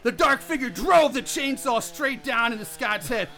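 A man's voice: extremely high pitch, moderate pace, creaky, sharp tone, faint music behind. A man reading a comedy horror story aloud to friends, laughing and stumbling over words as he goes. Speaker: reader narrating a fan story.

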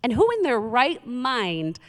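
A woman's voice: a little high, very animated, measured pace, a bit bright. A woman in her thirties giving a conversational sermon as a pastor, often asking the audience questions. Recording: reverberant hall.

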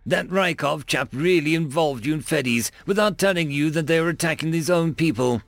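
A man's voice: fairly high pitch, fairly quick, fairly bright tone, dry recording, soft background music, voice pushed up. A man voicing a blunt, grinning human intelligence agent in a story reading. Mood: smug.

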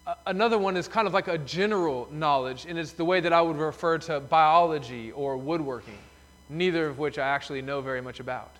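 A man's voice: fairly high pitch, fairly quick, a bit bright. A man preaching a sermon as pastor in a church sanctuary, telling the story emphatically. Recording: long reverb of a church hall.

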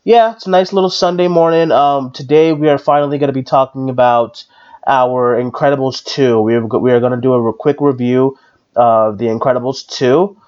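A man's voice: medium pitch, fairly even intonation, brisk, a little mellow, clear, resonant tone. A man hosts a casual podcast in an easy, rambling way. He restarts often and leans on fillers. His mid-range voice comes through on a slightly dull, lo-fi recording. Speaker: podcast host. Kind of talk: casual chat.

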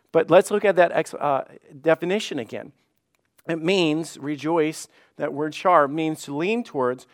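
A male pastor preaching a sermon, his voice sitting a bit higher than most men's. He talks earnestly and repeats words as he builds each point. On the key lines he slows right down and goes softer.

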